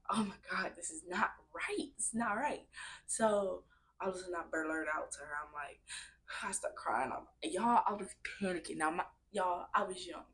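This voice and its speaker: A young woman telling a personal story to her viewers in a casual, animated way, often calling them y'all. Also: deep voice, vocal fry, a little hiss or hum. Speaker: vlogger.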